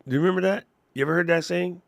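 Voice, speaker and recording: A man co-hosting a live podcast, talking in an animated, joking way and laughing often. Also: high-pitched, rapid-fire, vocal fry, no echo, clean studio sound. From Washington, D.C. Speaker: podcast co-host; teacher.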